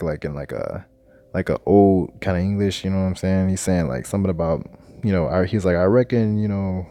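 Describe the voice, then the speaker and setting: A man's voice: low-pitched, dark tone. A man casually telling a spiritual testimony in loose, slangy talk, ending nearly every phrase with "man.". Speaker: scripture teacher.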